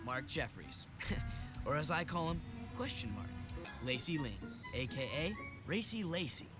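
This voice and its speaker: A man's voice: fairly high pitch, sing-song, measured pace. A young actor playing an earnest teenage boy who narrates his job at a movie theater in an eager, bro-ish way. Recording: film clip with loud music under it.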